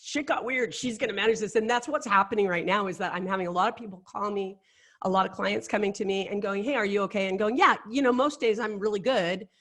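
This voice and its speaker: A woman's voice: medium pitch, fast talker. A middle-aged woman, a life coach, telling candid stories in casual chat. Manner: animated storyteller, candid and chatty.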